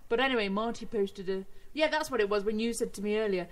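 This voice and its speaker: A woman's voice: medium pitch, quick pace. A woman co-hosting an internet radio show on a headset, chatting and giggling through banter. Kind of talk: casual radio chat.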